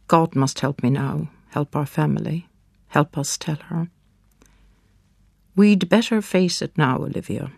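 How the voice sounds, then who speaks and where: A man narrates his own story as a father, his voice hushed and halting with anguish. He reads slowly, and his low tones break into gravel. The sound is dry and close to the mic. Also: no echo. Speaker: first-person narrator and father. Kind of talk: dramatic storybook reading.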